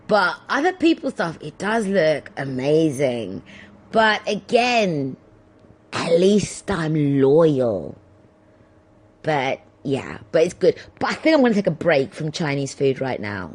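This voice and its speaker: A woman hosting her own podcast, rambling chattily and excitably through stories and swearing freely. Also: lowish voice. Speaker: podcast host. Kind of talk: casual solo podcast chat.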